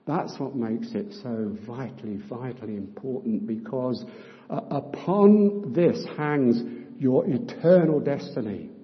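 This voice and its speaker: An older British man delivers an earnest sermon. He leans on repetition for emphasis and his talk is peppered with hesitant filler sounds. The sound is muffled and carries a long hall reverb. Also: mid-range voice. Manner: earnest, emphatic, repeats key words, many filler sounds. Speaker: preacher.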